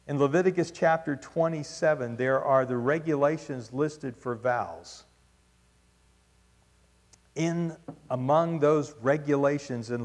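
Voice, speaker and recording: A man preaching a sermon with emphatic, rhetorical delivery. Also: medium pitch. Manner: emphatic, rising to rhetorical questions. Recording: long hall reverb.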